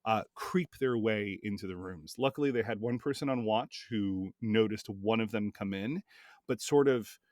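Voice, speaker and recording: A man who runs tabletop games, telling stories from his campaign in relaxed, rambling podcast chat. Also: lowish voice, moderate pace, no echo, studio quality. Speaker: game master.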